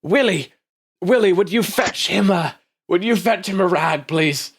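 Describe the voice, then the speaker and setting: A man's voice: sits high, measured pace, husky, pitched above the performer's own voice, exaggerated voice. A man putting on a poised corporate executive woman. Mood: polite.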